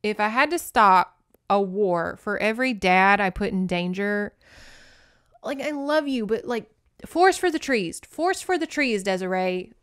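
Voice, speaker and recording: A woman's voice: mid-range voice, lively intonation, measured pace, a bit bright, clean tone. A woman playing a lovestruck young male rebel leader in a casual, exasperated modern paraphrase.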